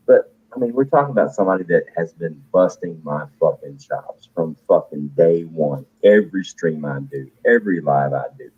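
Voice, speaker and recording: A man's voice: low-pitched, slightly rough. A man who is a caller on a live audio panel, talking in casual chat with emphatic, profane, rambling speech. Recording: tinny phone-line audio.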